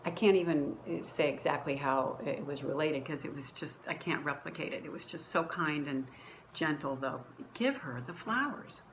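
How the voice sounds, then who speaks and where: A woman's voice: deep voice, steady tone, moderate pace, slight background noise, poor audio. A woman from a church sharing a personal faith story at home, earnest and conversational, often restarting her sentences. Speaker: church member sharing a testimony. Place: at home, dining room.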